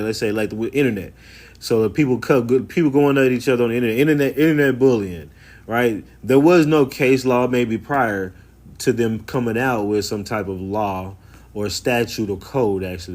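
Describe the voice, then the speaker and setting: A man's voice: lowish voice, moderate pace, a little mellow. A man reacting to a video clip in loose, sarcastic commentary, full of slang and asides.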